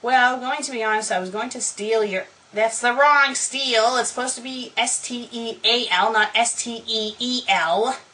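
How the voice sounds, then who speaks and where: A woman's voice: on the high side, a little slow, few pauses, sharp tone, poor audio. Sarcastic woman reading fanfiction aloud. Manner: sarcastic, profane, exasperated. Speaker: fanfiction critic. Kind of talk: comedic dramatic reading with commentary.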